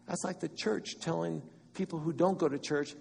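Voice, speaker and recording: A man preaching a sermon, swinging between loud emphatic cries and quiet, low asides. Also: fairly even intonation, normal speed, gravelly, slightly rough, long reverb tail.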